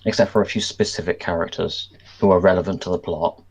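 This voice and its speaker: A man's voice: low-pitched, steady tone, fast, vocal fry, a little mellow. A man co-hosting a casual podcast chat, thinking aloud and restarting his sentences as he goes. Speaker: podcast co-host. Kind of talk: casual chat reviewing a cartoon episode.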